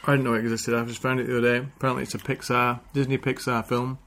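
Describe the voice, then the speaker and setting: Gravelly man, rambling chat. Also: mid-range voice, little pitch movement, racing, fairly bright tone. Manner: rambling, full of "like" and restarts. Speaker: podcast co-host, musician. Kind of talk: casual chat.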